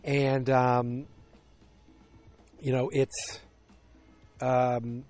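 A man's voice: mid-range voice, little pitch movement, drawn-out words, a little mellow, soft background music. A man in his forties casually recapping a TV episode, with lots of fillers and opinionated asides.

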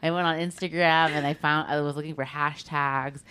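Brief: young woman, a touch low-pitched, chatty co-host telling stories with a laugh. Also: fairly even intonation, brisk, noisy background. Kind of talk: casual chat among friends.

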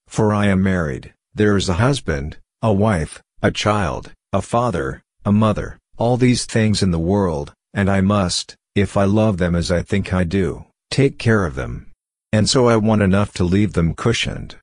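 A man's voice: low voice, a little mellow, no room sound, studio quality. A man giving a spoken spiritual lecture, emphatic, with repeated rhetorical questions.

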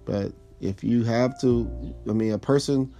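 A man's voice: mid-range voice, measured pace, mellow, faint music behind. A man talking through relationship advice in a casual, rambling way, full of "you know" and "like".

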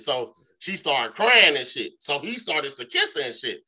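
A man with a very bright, forward voice spins a long, rambling story on a podcast. He talks loosely and profanely, packs his sentences with filler phrases, and acts out the other people in the tale as he goes. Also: on the high side, sing-song, moderate pace, few pauses, breathy edge. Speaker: podcast co-host. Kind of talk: casual storytelling.

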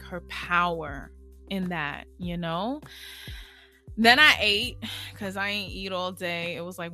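Breathless young woman podcaster, exuberant and slangy, bright voice, unhurried delivery. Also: on the low side. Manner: energetic, exuberant, slangy, laughs often. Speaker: podcast host and spiritual healer. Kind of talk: casual solo podcast monologue.

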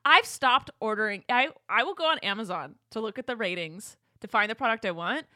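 Woman host venting about big companies, bouncy lively pitch, dry close mic. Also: a little fast, no room sound. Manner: animated, ranting, laughs often. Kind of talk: casual chat. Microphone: studio microphone.

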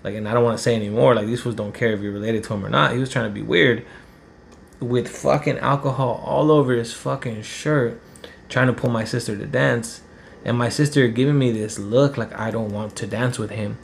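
A man's voice: mid-range voice, steady tone, a little fast, vocal fry, slight background noise. A man, telling a personal story in a rambling, heated, profane way. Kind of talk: casual storytelling.

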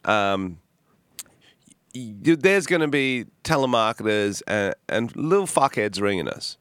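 Podcast co-host, male, loud storyteller, lowish smooth voice, dry studio sound. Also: sing-song, unhurried, no echo. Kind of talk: casual chat. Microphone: headphones and studio mic.

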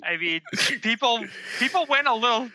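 A man's voice: very high-pitched, animated, moderate pace, pushed and bright. A man co-hosting a casual chat podcast, agreeable, with short replies and blunt jokes. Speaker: podcast co-host.

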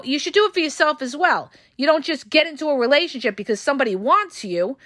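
Blunt high-voiced woman coach. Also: fairly bright tone, no echo, clean studio sound. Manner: frank, profane, emphatic, addresses listeners as "you guys". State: losing her voice. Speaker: podcast host and relationship coach. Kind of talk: blunt advice monologue.

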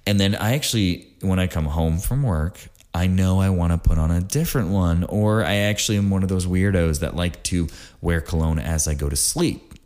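A man with a very low voice talks through a solo podcast episode. He rambles in a friendly, offhand way, cracks small jokes, and leans on filler words as he explains. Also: moderate pace, a little mellow. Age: adult, married. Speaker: podcast host.

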